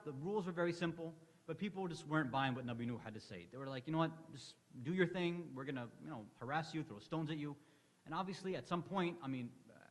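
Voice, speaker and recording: A man giving a religious lecture in a conversational storytelling way, acting out the lines of the people in his stories. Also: a little high. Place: hall of an Islamic center. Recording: long reverb of a hall.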